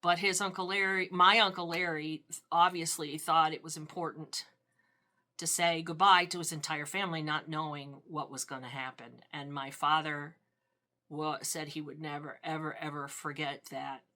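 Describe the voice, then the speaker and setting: Older woman, low and bright voice. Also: little pitch movement, normal speed. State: a little teary. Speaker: interviewee, niece of a veteran. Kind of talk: documentary interview, reflective recollection.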